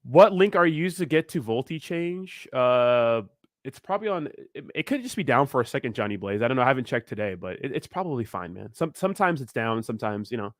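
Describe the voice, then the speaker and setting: A man's voice: mid-range voice, big pitch swings, fairly quick, no room sound, clean studio sound. A young man hosting a crypto livestream, ranting in a fired-up way and answering viewers, often asking "you know what I mean". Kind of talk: live stream chat, reacting to viewers.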